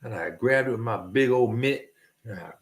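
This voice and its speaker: A man's voice: medium pitch, normal speed, creaky. A man hosting a casual livestream, telling a rambling, jokey story and mimicking clicking sounds along the way. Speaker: livestream host.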